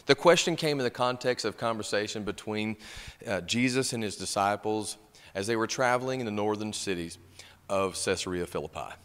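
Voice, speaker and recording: A man's voice: lowish voice, brisk, fairly bright tone, smooth. A male pastor preaching a sermon, reading scripture and stressing key words with emphasis. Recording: long hall reverb.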